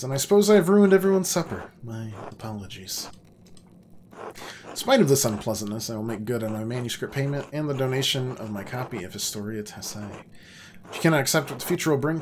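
A man reading aloud as a scheming nobleman who presses the clergy on reform, in a smooth, condescending way. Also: medium pitch, fast talker, background noise, close to an everyday voice. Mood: haughty. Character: scheming male nobleman guest pushing church reform. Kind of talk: reading game dialogue aloud.

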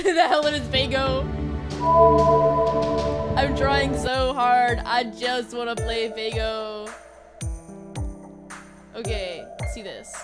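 Woman, gaming livestream chat, high-pitched, excitable and theatrical, background music. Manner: excitable, dramatic outbursts and playful whining. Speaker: streamer. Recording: stream audio with music playing underneath.

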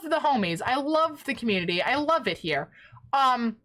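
A woman streamer chatting casually while drawing, excitable and prone to yelling in playful protest, her voice sore and raspy from long yelling. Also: high voice, a little fast.

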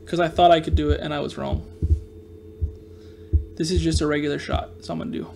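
A young man giving casual let's play commentary, excitable and self-mocking, yelping and groaning at every shot. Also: on the high side, a little fast, creaky, music in the background. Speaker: gaming video host.

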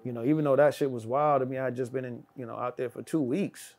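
This is a middle-aged man with a gravelly, creaky voice, spinning an anecdote in a relaxed chat. He acts out the other people's lines himself and jumps loud and high in pitch as he does. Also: quick pace. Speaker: guest. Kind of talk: animated storytelling in casual chat.

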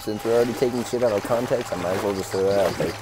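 A man's voice: fairly low pitch, racing, noisy background. A man streaming a video game, joking and swearing as he reacts to the action. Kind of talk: casual gameplay commentary. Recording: game music loud behind voice. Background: game music.

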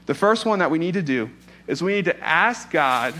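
A man's voice: fairly high pitch, animated, normal speed, pushed and bright. A young man preaching as a pastor, telling a personal story in a candid, conversational way. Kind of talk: informal sermon with personal story.

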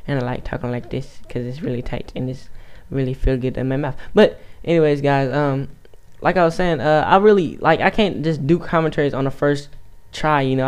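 A man's voice: medium pitch, clear, resonant tone. A man giving casual, rambling gameplay commentary on his home mic, stuttering and restarting his sentences. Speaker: YouTube gamer.

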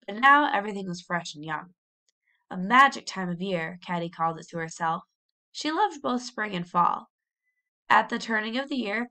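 Bright-voiced woman reading a storybook. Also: mid-range voice. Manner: lively, with brief cheerful character voices. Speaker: audiobook reader. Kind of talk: storybook narration.

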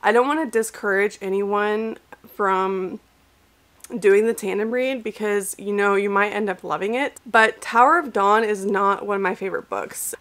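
A woman's voice: medium pitch, fairly bright tone. A young woman book vlogger in casual chat, rambling with many fillers and restarts while getting over an illness. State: recovering from illness, tearful at times.

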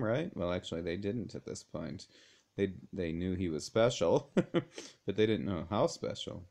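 A man giving an informal Bible lesson in a conversational way, chuckling often and pausing with fillers and restarts. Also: sits low, a little mellow. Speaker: Bible study teacher.

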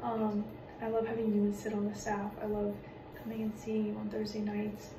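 A young woman in college recording a quiet, affectionate tribute late at night in a small bathroom, keeping her voice down so she won't wake others. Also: mid-range voice, completely flat delivery, moderate pace. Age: young adult. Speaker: college student giving a tribute. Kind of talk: recorded video message. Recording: echoey bathroom, distant mic, noisy background.

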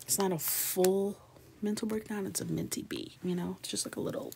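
A woman in her thirties hosts a live coloring stream, chatting casually and laughing with viewers. Her mid-range voice moves fairly quickly with fairly even intonation, soft-spoken and often drifting into a whisper. The background is noisy.

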